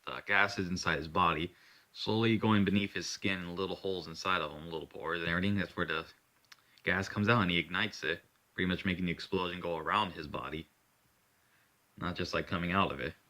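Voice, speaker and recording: Low-pitched man with a very bright, forceful tone, rambling loosely through an improvised story. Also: a little fast. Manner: rambling, swears, restarts and self-corrections. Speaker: storyteller narrating his own hero story. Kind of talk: casual improvised narration.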